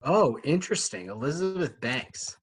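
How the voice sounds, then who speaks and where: A man's voice: a little high, very animated, moderate pace, slightly rough. A man co-hosting a casual book club podcast, chatty and easygoing, often laughing as he leads the discussion. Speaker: podcast co-host.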